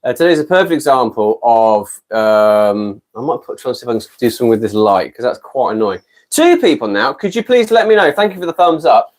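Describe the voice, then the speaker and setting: A man's voice: medium pitch, animated, fairly quick. A British man in his fifties chatting casually on a live stream from his garden shed, rambling and self-deprecating between ukulele songs. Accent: British English. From Britain. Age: 50s. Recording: ukulele strumming under the voice. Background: ukulele playing.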